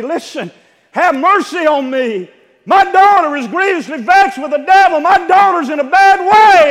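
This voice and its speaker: A man preaching a sermon, repeating phrases for emphasis and swelling into shouted peaks. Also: high-pitched, big-room sound.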